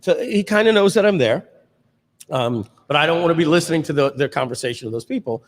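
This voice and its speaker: A man hosting a casual livestream chat, telling anecdotes in an animated way and laughing often. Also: a little high, fast, long reverb tail. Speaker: host.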